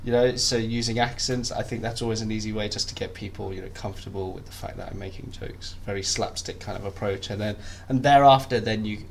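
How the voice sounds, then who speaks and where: Low gravelly young man, chatty. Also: steady tone, fast talker, few pauses, a little hiss or hum. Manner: chatty, self-deprecating, many restarts. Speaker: podcast guest. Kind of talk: casual interview chat.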